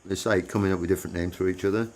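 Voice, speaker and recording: Deep-voiced English man, chatty and laughing. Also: fairly even intonation, very fast, a little mellow. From England. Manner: laughs often, swears, chatty and teasing. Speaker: livestream host. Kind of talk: casual chat with live viewers. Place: living in the United States.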